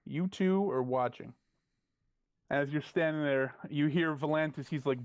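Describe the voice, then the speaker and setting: A man narrating as game master, talking in halting bursts and often repeating his words. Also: fairly high pitch, no echo.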